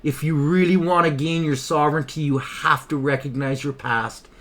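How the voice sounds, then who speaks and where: A man's voice: fairly high pitch, steady tone, normal speed, a bit bright. A man hosting his own channel, delivering an impassioned, emphatic political commentary monologue with frequent repetition. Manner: impassioned, emphatic, repeats himself. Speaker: channel host.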